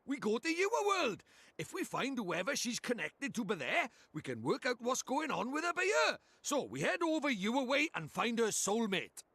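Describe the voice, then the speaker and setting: A chatty little fairy with a Welsh lilt, voiced by a man. His voice is gravelly and husky and bounces lively up and down. The sound is dry and close. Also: extremely high pitch, normal speed, dry recording, heavily acted. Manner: chatty, folksy. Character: cheeky little male fairy sidekick.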